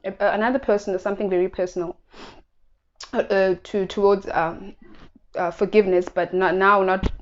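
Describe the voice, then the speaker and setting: A South African woman speaks earnestly to her viewers in a reflective personal vlog. Her voice sits at a middling pitch, and she stops often to repeat and restart her phrases. The recording is somewhat dull and lo-fi. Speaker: YouTuber.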